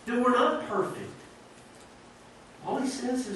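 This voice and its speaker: A man's voice: high-pitched, big pitch swings, moderate pace, pauses often, a little hiss or hum. Man preaching in an echoey church. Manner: earnest, conversational preaching with rhetorical questions. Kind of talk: sermon. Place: church sanctuary. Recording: echoey church audio from a distance.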